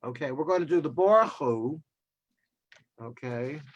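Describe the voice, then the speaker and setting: A man's voice: fairly high pitch, animated, unhurried, muffled recording. A man giving a sermon as a rabbi, telling a story with wry joking asides over a video call.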